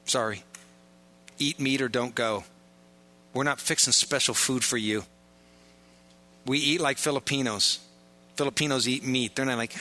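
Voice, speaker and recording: A man's voice: medium pitch, expressive, normal speed, long pauses, pushed and bright. A man preaching a sermon as pastor, joking and informal in asides, pressing his points with emphatic repetition.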